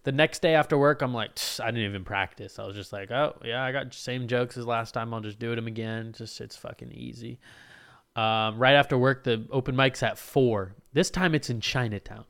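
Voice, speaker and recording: A young man telling a story about his comedy gigs in a casual, animated and profane way, mocking himself. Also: mid-range voice, normal speed, gravelly, smooth.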